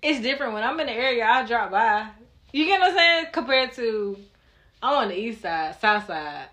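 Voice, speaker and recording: A woman's voice: fairly high pitch, big pitch swings, moderate pace, pushed and bright. A woman co-hosting a podcast, talking frankly and animatedly, often laughing. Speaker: podcast co-host. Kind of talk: casual chat.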